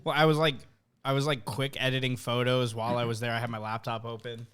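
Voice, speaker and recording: Young man with a smooth, clear voice. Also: mid-range voice, quick pace. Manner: animated, laughing storyteller. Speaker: podcast co-host. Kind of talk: casual chat.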